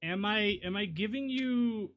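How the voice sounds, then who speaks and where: A man's voice: high voice, a little slow, highs cut off. A man streaming live, casually muttering to himself and apologizing, self-deprecating as he works on a 3D model.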